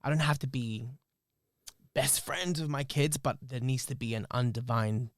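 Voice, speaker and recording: A man's voice: mid-range voice, normal speed, no room sound, clean studio sound. Candid man, emotional and reflective. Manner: emotional, reflective, swears freely. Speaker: podcast host. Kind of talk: candid podcast storytelling.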